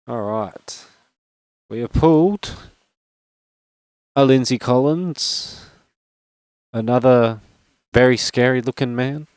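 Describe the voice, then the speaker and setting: A man's voice: mid-range voice, slow, pauses often, darkish tone, no room sound. A young man chatting casually while opening trading cards, rambling and joking at his own expense. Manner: rambling, joking, self-mocking. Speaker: card-opening vlogger. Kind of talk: casual unboxing chat.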